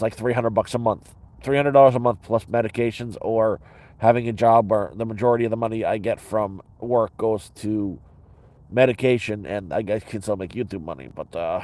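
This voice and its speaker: A man's voice: on the low side, a little mellow. A man vlogging from inside his sleeping bag, telling a story in a blunt, profane, rambling way with many restarts. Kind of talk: casual rambling storytelling to camera.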